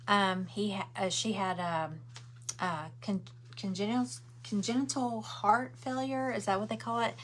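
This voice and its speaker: A middle-aged woman answers viewer comments and rambles casually while crafting at home on her livestream. Her mid-range voice moves at a moderate pace and sounds a bit bright, over slight background noise.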